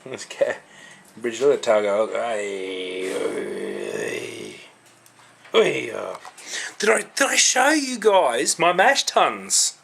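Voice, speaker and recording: A man's voice: fairly high pitch, huge pitch swings, a little slow, fairly bright tone, a little hiss or hum. A tipsy man with an Australian accent, rambling and swearing in a casual rant to his vlog viewers about homebrewing and beer. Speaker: homebrewing vlogger.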